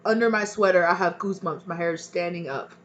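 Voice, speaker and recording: A woman's voice: fairly low pitch, quick pace. A woman giving a pick-a-card tarot reading, talking earnestly and emotionally straight to her viewers with spiritual encouragement. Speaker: tarot reader.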